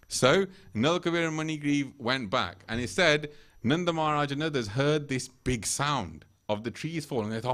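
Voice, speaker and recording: A man's voice: on the high side, normal speed, a bit bright. A man giving a temple sermon in a conversational way, laughing often and acting out quoted voices. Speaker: temple speaker. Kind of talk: sermon retelling scripture stories. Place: temple hall.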